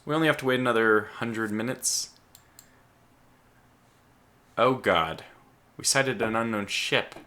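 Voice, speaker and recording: Bright-voiced man thinking aloud over gameplay. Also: fairly low pitch, a little slow, long pauses. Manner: thinks aloud, stumbling restarts and sudden exclamations. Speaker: let's play host. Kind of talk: gameplay commentary.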